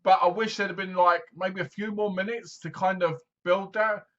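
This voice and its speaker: Guy rambling through a movie review, bright voice a bit high, dull lo-fi sound. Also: fairly even intonation, normal speed. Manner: rambling, chatty, full of fillers. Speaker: film reviewer.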